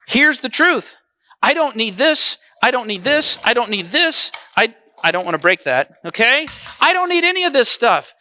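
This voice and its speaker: A man's voice: very high-pitched, very animated, moderate pace, sharp tone, a little hiss or hum. A man preaching a conversational sermon as pastor, often asking the congregation questions.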